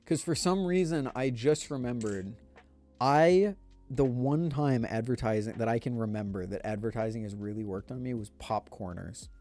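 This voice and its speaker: A man's voice: medium pitch, moderate pace, warm tone, faint music behind. A man chatting casually on a live stream, rambling in a laid-back way and speaking straight to his viewers. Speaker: livestreamer.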